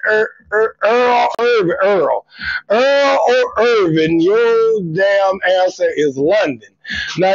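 A man's voice: high-pitched, dry recording. A man hosting a live comedy stream, running trivia and teasing viewers with profane, laughing banter over dry, dull lo-fi audio. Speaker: comedian host of a live show.

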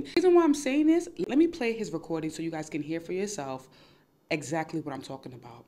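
A woman's voice: fairly low pitch, quick pace, warm tone. A Nigerian woman hosting an advice podcast, emphatic and straight-talking, repeating her points. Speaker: podcast host.

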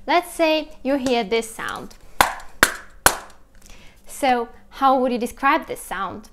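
A young woman with a Russian accent explains sounds in a casual vlog, lively and imitating animal noises as she goes. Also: a little high, noisy background. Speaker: language teacher vlogger.

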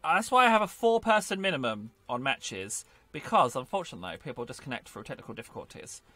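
A man's voice: medium pitch, very animated, fast, sharp tone. A man hosting a gaming video, giving casual, playful gameplay commentary and joking with himself as he plays. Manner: playful, jokey, talks to himself.

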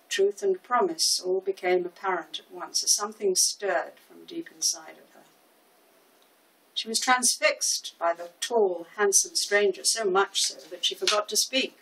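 A woman in her seventies narrating a short story in a measured, expressive reading. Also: mid-range voice, far from the mic, low-quality recording. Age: 70s. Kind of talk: audiobook reading.

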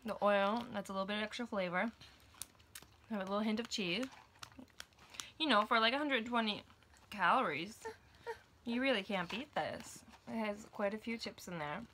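A woman's voice: medium pitch, normal speed, pauses often, noisy background. A woman reviewing snacks in a casual home vlog, chatting to her toddler between comments. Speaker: vlogger.

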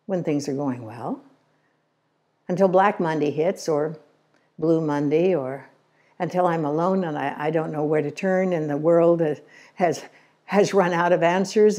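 An older woman giving an inspirational talk on scripture, telling stories with gentle humor in a conversational way. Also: sits low. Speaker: Christian Science lecturer. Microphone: remote recording.

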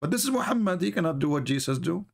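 A man hosting an online talk, speaking as an in a mocking, sarcastic way with lively storytelling. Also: a little high, fast, vocal fry. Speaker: online debate host. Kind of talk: casual live-stream commentary.

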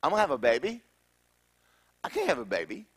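A preacher putting on a high falsetto to voice a startled teenage girl, Mary, in a sermon. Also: wildly swooping pitch, brisk, a bit bright, husky, full character voice. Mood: flustered.

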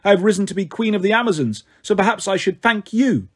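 Man doing a cold, commanding warrior queen, slightly raised, husky, storybook read. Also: sits high, animated, quick pace, pitched above the performer's own voice. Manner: icy, commanding. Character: proud exiled woman warrior queen, cold.

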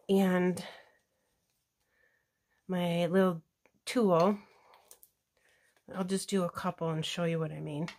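A woman's voice: fairly low pitch, a little mellow, a little hiss or hum. Chatty woman gushing over her craft project. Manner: chatty and gushing, thinks aloud while working. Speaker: scrapbooking crafter demonstrating a layout. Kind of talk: casual craft tutorial chat.

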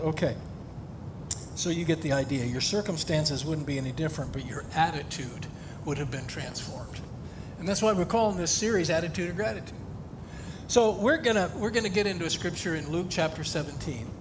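Pastor guy preaching, high voice, chatty, keeps quizzing the crowd, roomy church sound. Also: moderate pace. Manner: conversational, asks the congregation questions. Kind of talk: sermon. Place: church sanctuary. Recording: echoey hall, distant mic, faint rumble.

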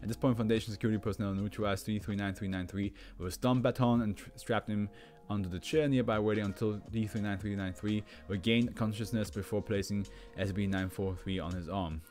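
A man hosting a reading, pausing to chuckle and make offhand comments. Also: fairly low pitch, steady tone, darkish tone. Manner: chuckles often, reacts with off-hand comments. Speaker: channel host reading stories. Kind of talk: casual reading with asides.

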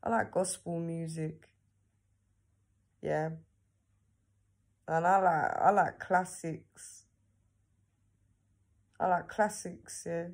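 This vlogger's voice is fairly low with fairly even intonation, and she draws out words and leaves long pauses. Talking casually to herself on camera, she's chatty, laughs a lot, and tags her sentences with questions.

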